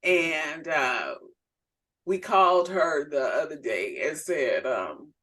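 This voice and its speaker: A woman minister co-hosts a casual podcast chat, telling family stories as an animated storyteller who acts out the voices of the people she quotes. Her voice is low and she takes it slowly.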